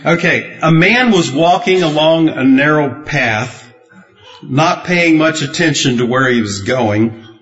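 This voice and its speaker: Male pastor, unhurried folksy sermon delivery with chuckles, lo-fi sound. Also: fairly high pitch, a bit bright, soft background music. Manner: rambling, good-humored storytelling with chuckles. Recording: dull, muffled lo-fi sound.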